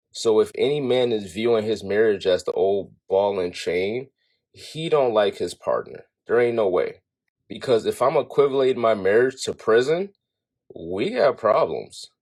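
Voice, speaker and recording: A man's voice: fairly low pitch, a little mellow. A man giving frank, opinionated commentary on relationships in a casual, conversational way. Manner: frank, opinionated, talking straight to camera.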